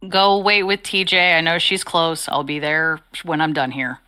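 A woman's voice: low-pitched, fairly even intonation, normal speed, pushed and bright, smooth. A woman voicing her tabletop character, a no-nonsense frontier horse-ranch woman who speaks in a curt, businesslike way. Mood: brisk.

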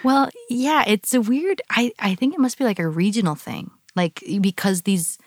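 A young woman co-hosting a podcast, telling animated stories in casual chat. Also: mid-range voice, normal speed, dry recording, studio quality. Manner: animated storyteller, acts out quotes. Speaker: podcast co-host.

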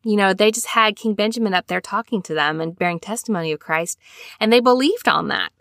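A chatty woman host who talks fast and sprinkles "like" throughout her casual study talk. Her voice is bright and forward, and it sounds close and dry with no room around it. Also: medium pitch, expressive, vocal fry, no echo. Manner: fast-talking, chatty, peppered with "like". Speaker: podcast host.

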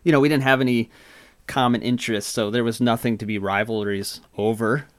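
Man, casual storyteller, relaxed, swears, medium pitch. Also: fairly quick. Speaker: podcast host. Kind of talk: casual chat.

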